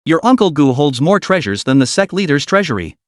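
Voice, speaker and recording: Cast: stern bragging old sect elder read by a man, scolding, slightly high voice, dry booth sound. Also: sing-song, brisk, no echo. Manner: scolding, conspiratorial.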